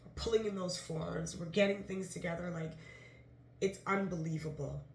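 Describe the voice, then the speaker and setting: A woman telling a story for her vlog in a casual, animated way, acting out the people she quotes. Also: lowish voice, normal speed, slight background noise. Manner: animated, quotes others in dialogue, excited disbelief. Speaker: vlogger, writer-director of a musical. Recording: echoey room.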